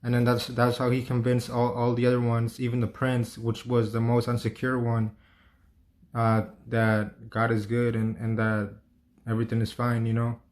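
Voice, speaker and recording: A man talking through a personal story in a casual, meandering way. His voice stays flat, with little rise and fall. He leans on fillers, restarts himself often and swears freely. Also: mid-range voice, moderate pace. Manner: rambling, filler-heavy, frequent restarts and swearing.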